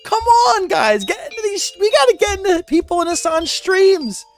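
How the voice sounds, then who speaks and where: A woman voicing a self-pitying grown man streamer, wailing and mock-crying in a drawn-out whine. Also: very high voice, expressive, soft background music, pitched above the performer's own voice. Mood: whiny wailing. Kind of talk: mocking impression in a commentary video.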